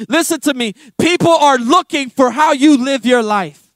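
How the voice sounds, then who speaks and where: A young male pastor preaching an impassioned sermon, repeating phrases and rising to shouts. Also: very high-pitched, normal speed, no room sound, clean studio sound.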